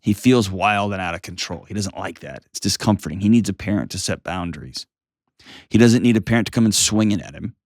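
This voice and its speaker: Calm reassuring man on a dry studio mic. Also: low voice, a little fast, no echo. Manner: calm, reassuring, emphatic coaching. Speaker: host. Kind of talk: call-in advice show.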